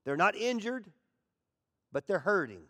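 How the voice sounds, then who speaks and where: A middle-aged male pastor preaching a dramatic sermon, swinging from loud, pleading outbursts to hushed asides and acting out whiny voices. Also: high-pitched, very animated, unhurried. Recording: long hall reverb.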